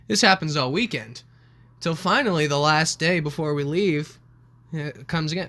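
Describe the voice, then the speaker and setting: His voice sits on the high side and moves at a normal speed. The young man co-hosts a laid-back podcast, spinning family tales full of swearing and acted-out quotes with plenty of animation.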